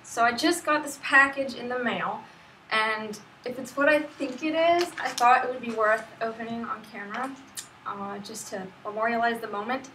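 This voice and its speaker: A woman's voice: a little high, bright, forceful tone, distant mic, a little hiss or hum. A woman author chatting expressively straight to her camera's viewers, recorded at home. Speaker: author unboxing her book. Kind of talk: casual vlog to camera. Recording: echoey room, voice off-mic.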